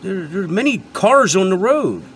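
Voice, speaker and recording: High-pitched and full of big pitch swings, this man talks at a moderate pace with slight background noise behind him. He's a channel host and product reviewer giving an unscripted, ranting lecture to his viewers, emphatic, repetitive, and quick to swear.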